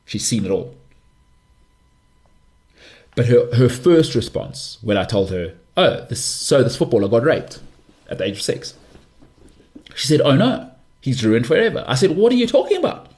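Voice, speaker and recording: A man hosting a podcast, delivering an impassioned monologue with forceful, repetitive emphasis. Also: on the low side. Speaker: podcast host.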